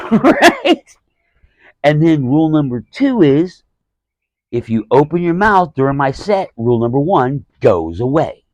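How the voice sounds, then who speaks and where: A man's voice: a little high, wildly swooping pitch, unhurried, dry recording. A man, a stand-up comedian hosting his own podcast, telling a story in a rambling, profane way with many restarts and acted-out quotes. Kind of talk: casual storytelling monologue.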